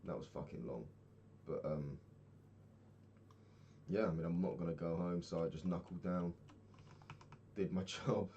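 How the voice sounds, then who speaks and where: Young man, very low voice, casual rambling video diary, swears and laughs, faint keyboard clatter behind. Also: measured pace, pauses often, mellow, dull audio, slight background noise. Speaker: vlogger. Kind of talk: casual video-diary chat while gaming.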